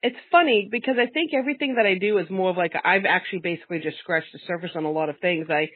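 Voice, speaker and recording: A man's voice: sits high, fast, no echo. A man with a New England accent, hosting a podcast and telling stories in casual conversation. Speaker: podcast host. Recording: dry phone-like line.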